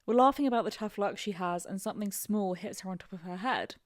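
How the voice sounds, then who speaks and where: A woman co-hosting a podcast, telling stories with easy, relaxed chatter and quick laughs. Her voice sounds dry and close. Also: mid-range voice, no echo. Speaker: podcast co-host. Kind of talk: casual chat.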